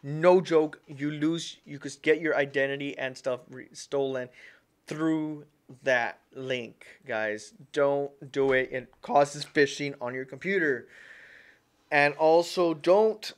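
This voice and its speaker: A man's voice: a little high, takes it slowly. A man hosting a casual tech-tips livestream, rambling and repeating himself, often calling his viewers "guys". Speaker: livestream host.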